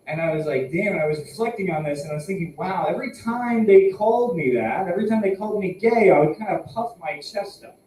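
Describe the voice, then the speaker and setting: A man's voice: sits high, lively intonation, a little fast, warm tone, recorded from a distance, a little hiss or hum. A young man doing stand-up at an open mic, self-mocking and laughing at his own jokes. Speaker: stand-up comedian. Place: small tobacconist shop. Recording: echoey room, heard from afar.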